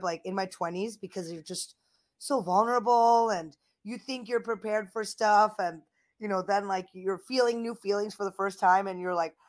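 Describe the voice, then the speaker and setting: A woman in her thirties, a comedian guest chatting casually on a podcast and acting out the voices of people she quotes in lively stories. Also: mid-range voice. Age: 30s.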